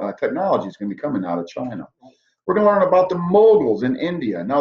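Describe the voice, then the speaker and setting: A man's voice: mid-range voice, a little mellow. A man teaching a history lesson, leading a map walkthrough with a joking manner. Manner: jokey, leads a map walkthrough. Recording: echoey room, dull lo-fi sound.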